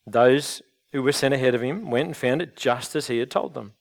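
A pastor with a creaky, mid-range voice preaches a sermon at a moderate pace. He is earnest and conversational, and he often restarts his phrases.

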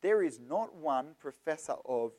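A young man giving a lively, joking talk to a youth audience, addressing the crowd directly. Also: on the high side, unhurried. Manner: chatty and joking, talks straight to the audience. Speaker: youth seminar speaker.

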